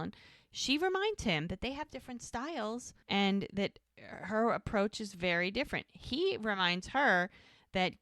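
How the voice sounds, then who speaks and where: A woman co-hosting a chatty recap podcast, her voice bright and forward. She retells each scene with energy and slips into quoted lines, and the sound is dry and close. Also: medium pitch, measured pace, no echo. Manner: animated retelling, jumps between quoted voices. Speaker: podcast co-host. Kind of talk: casual recap chat, acting out quoted lines.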